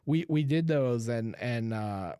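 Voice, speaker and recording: A man's voice: medium pitch, animated, takes it slowly, mellow, clean tone, dry recording, studio quality. A man hosting a live horror chat show, talking loosely with viewers, laughing often and restarting his sentences. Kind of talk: casual livestream chat.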